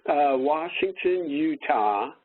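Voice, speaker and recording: A man's voice: fairly high pitch, lively intonation, slow, husky. A man co-hosting a training webinar, joking and bantering with his co-host, over tinny phone-like audio. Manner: jokey, playful banter. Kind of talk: casual webinar presentation.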